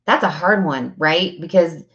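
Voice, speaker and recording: A woman with a fairly low voice talks straight to her listeners about energy healing. Her manner is earnest and direct, and she keeps answering her own rhetorical questions. The audio is dull and lo-fi. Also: unhurried, a bit bright. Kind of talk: casual spiritual talk to camera.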